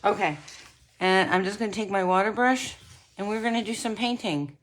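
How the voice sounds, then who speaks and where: A woman casually demonstrating card-making techniques, chatting to viewers and often clearing her throat. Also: medium pitch, normal speed. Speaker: craft demonstrator.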